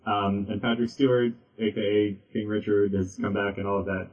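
A man on a casual podcast, talking haltingly with many ums and restarts. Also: lowish voice, little pitch movement, distant mic. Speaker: podcast guest. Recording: dull lo-fi audio, a bit off mic.

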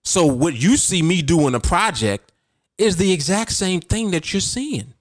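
A man's voice: high-pitched, very animated, a little slow, dry recording, studio quality. A man hosting a podcast, coaching his listeners in a casual, emphatic and repetitive way. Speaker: podcast host and trading coach. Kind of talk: casual motivational talk.

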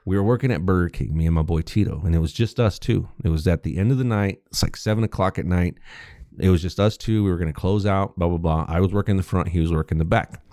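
A young adult man co-hosting a podcast tells a story in casual, profane, animated chat and laughs often. His low voice moves quickly, and the studio-quality recording has no echo.

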